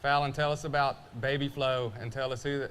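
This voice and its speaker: A man's voice: medium pitch, flat delivery, moderate pace, fairly bright tone, slight background noise. A man hosting a casual live Q&A on an event stage, full of easy "right, sure" affirmations. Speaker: stage host interviewing rodeo athletes.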